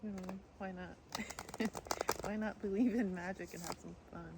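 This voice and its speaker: A woman's voice: mid-range voice, fairly even intonation, unhurried, background noise. A woman from Idaho giving a casual tarot reading and telling a childhood story, laughing often. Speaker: tarot reader. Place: outdoors in the woods. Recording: faint outdoor ambience.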